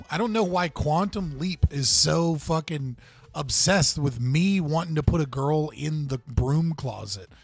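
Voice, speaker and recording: A live streamer reacts to his chat in a blunt, casual manner, swearing and laughing throughout. His husky voice sits on the high side with lively intonation and an unhurried pace; there's no echo, just faint background music.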